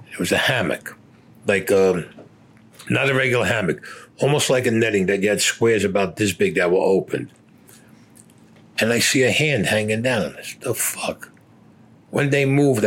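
A man's voice: lowish voice, breathy edge. An older man, a war veteran, recounting his combat memories in a blunt, profane storytelling way.

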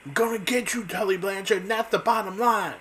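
A man's voice: high-pitched, brisk, fairly bright tone, a little hiss or hum, voice pushed up. A man putting on a swaggering male wrestler cutting a promo, with a drawling jive rhythm and bellowing delivery. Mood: blustery. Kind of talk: impression within casual chat.

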